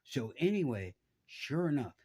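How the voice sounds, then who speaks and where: Husky middle-aged guy, lively pitch all over, swears a lot telling his story. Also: a little slow. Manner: animated, profane, acts out voices with big pitch jumps. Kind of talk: casual storytelling.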